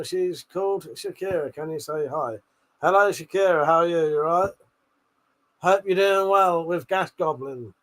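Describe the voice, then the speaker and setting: A man's voice: high-pitched, fairly bright tone. A man hosting a live stream, laughing and swearing as he reads out viewer comments. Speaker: livestream host. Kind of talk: casual live-stream chat.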